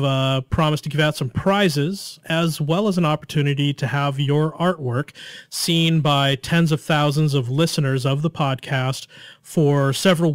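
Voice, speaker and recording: A young man hosting a podcast, briskly reading out sign-off announcements in a casual way. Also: on the high side, no room sound. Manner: brisk promotional delivery. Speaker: podcast host.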